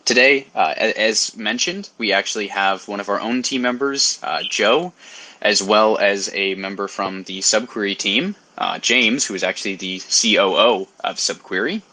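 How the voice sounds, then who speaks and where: A man's voice: on the low side, normal speed, pushed and bright. A man hosting a casual online community session, talking easily with frequent fillers. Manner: easygoing, filler-heavy. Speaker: community developer and host. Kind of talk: casual online panel talk.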